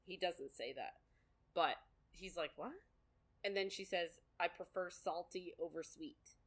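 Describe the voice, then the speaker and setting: A woman's voice: fairly low pitch, a little slow, a bit bright, husky. A woman co-hosting a podcast, chatting casually through a book recap with lots of fillers and quoted asides. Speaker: podcast co-host.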